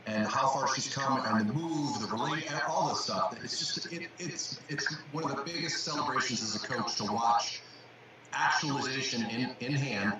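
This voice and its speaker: A man who works as a coach, talking reflectively on a video call and repeating words as he searches for them. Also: mid-range voice. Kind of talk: casual video chat. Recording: echoey, distant from mic, loud background noise.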